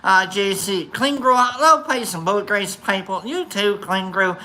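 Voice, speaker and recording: Reading out viewer comments and welcoming people by name, this livestream host keeps things casual, rambling and playful with lots of fillers and false starts. The voice is medium-pitched, a little slow, pushed and bright. The recording quality is low.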